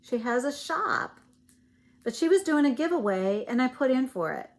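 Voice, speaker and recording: In a high voice with lively intonation at normal speed, a Virginia cross-stitch vlogger with a Southern accent shows stitching goodies. The chat is casual show-and-tell, rambling and peppered with fillers and self-corrections.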